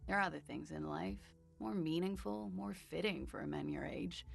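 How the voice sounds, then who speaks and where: A woman's voice: on the low side, moderate pace, vocal fry, loud music behind the voice. An actress voicing a worldly young woman in a video game, wry and teasing.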